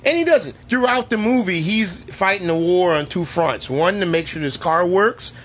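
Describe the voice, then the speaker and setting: A man casually reviewing a movie with a co-host, animated and profane, acting out scenes as he talks. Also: high-pitched, moderate pace. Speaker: podcast co-host. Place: movie theater.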